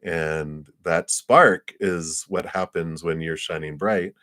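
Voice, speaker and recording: A man's voice: low-pitched, takes it slowly, sharp tone, no echo, studio quality. A man giving a live tarot card reading in a casual, chatty way, laughing often and acting out little scenes. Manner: acts out little scenes in quoted voices.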